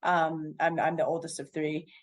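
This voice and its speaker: A woman hosting a casual interview, thinking aloud in a relaxed way with frequent fillers and restarts. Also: sits low, normal speed. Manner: reflective, relaxed, filler-heavy. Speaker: podcast host.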